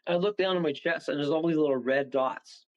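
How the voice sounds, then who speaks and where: A man guest on a radio show, telling rambling, animated stories and laughing partway through them. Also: fairly high pitch, brisk, dull audio. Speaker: paranormal guest. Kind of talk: casual storytelling on a radio show.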